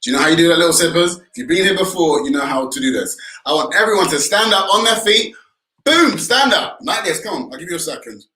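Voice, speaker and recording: A man's voice: fast talker, few pauses. A man with a British accent co-hosting an art class for kids, playful and joking, cheering his young viewers on. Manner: playful, joking, shouts "Boom!". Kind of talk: upbeat kids' tutorial patter. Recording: echoey room.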